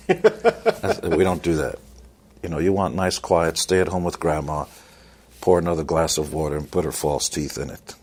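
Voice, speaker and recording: A man with a very deep, low voice gives motivational advice in a blunt, brash way. He is a rock musician and businessman, and he jokes as he talks. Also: a little mellow. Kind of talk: motivational interview talk.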